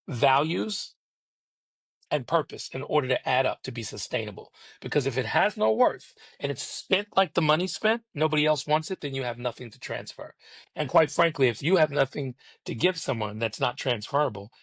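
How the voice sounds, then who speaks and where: A man's voice: a little high, fairly bright tone, no echo. A man speaking as a podcast guest over a remote call, preachy and emphatic, building rhythmic motivational lines.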